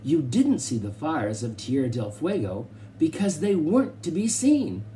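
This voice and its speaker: A man's voice: fairly high pitch, big pitch swings, unhurried, warm tone, a little hiss or hum, voice pushed up. A man reading a storybook, voicing a formal, clever butler who speaks politely and precisely.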